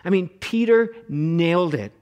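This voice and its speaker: A middle-aged man preaching a sermon as pastor, animated, acting out quoted voices and repeating words as he goes. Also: sits high, measured pace.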